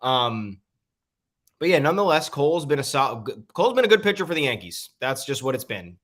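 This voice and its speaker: A man's voice: mid-range voice, sing-song, a little fast, fairly bright tone. A man co-hosting a casual sports podcast, opinionated and leaning on frequent "um" fillers. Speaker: podcast co-host.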